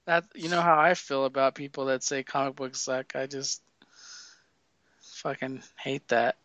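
A man's voice: mid-range voice, fairly even intonation, a little slow, a bit bright, dry recording, muffled recording. A man co-hosting a casual podcast chat, blunt and swearing often. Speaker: podcast co-host.

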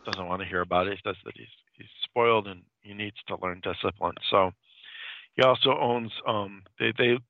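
Gravelly low man, chatty and rambling. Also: normal speed, dry recording. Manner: rambling, many fillers and restarts. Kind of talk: casual chat retelling a comic story. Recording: dull dry lo-fi sound.

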